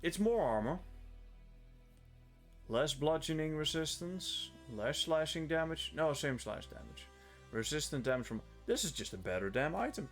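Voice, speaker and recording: A man's voice: a little high, animated, normal speed, a bit bright, faint music behind. A man from the Netherlands streaming a game live, joking about himself and swearing freely as he talks through his inventory. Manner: joking, self-mocking, swears often. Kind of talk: casual live gameplay commentary.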